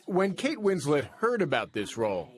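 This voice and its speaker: A male TV news correspondent narrating a profile piece in a polished, slightly wry manner. His fairly high voice moves with lively intonation. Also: normal speed. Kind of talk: scripted narration and interview.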